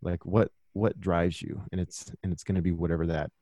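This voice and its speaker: A man's voice: deep voice, steady tone, a little fast, warm tone, no room sound. A man talking earnestly and reflectively as a podcast guest, telling stories from his own life in a casual conversation.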